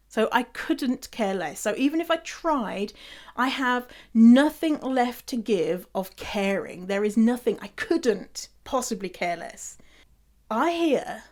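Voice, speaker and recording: A woman's voice: on the high side, animated, a little slow, darkish tone. British woman, young, casual podcast host, chatty, laughs a lot, swears freely. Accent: British English. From England. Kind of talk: casual solo podcast talk.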